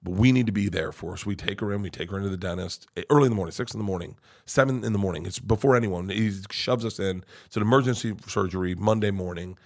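A middle-aged man telling a long story as a podcast guest, cursing freely and swinging from hushed to loud. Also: fairly low pitch, fast talker, vocal fry, hardly any pauses. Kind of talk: casual storytelling.

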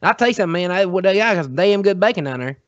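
A man putting on a loud, drawling Southern good-ol'-boy voice with a Southern accent. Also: high-pitched, expressive, very fast, no room sound, highs cut off. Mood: hearty. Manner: hearty, drawling, folksy.

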